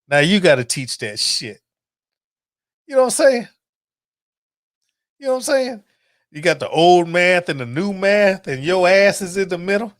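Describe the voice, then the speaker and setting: A man's voice: high voice, no echo, clean studio sound. A middle-aged man, host of a cooking channel, ranting casually and profanely to camera. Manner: profane, animated, preachy.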